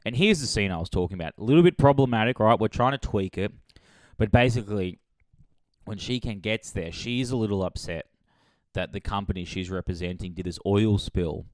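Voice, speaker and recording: A man hosting a comedy podcast, rambling through a sarcastic movie pitch in a deadpan way, with sudden loud jumps. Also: brisk, no room sound, studio quality.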